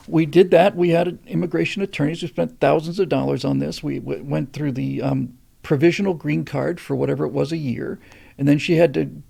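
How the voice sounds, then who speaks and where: An older male host with a heavily gravelly, fry-laden voice that sounds dark and somewhat husky. He talks in a casual, earnest way and pushes his pitch up hard when he wants to stress a point. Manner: earnest, builds to emphatic pitch on key points. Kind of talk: casual monologue answering a question.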